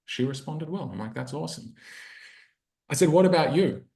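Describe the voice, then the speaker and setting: A relationship coach tells a personal story on a podcast interview, earnest and reflective, acting out his own inner dialogue. His voice sits on the high side with lively intonation, normal speed, vocal fry, and a warm tone. The recording has a roomy echo.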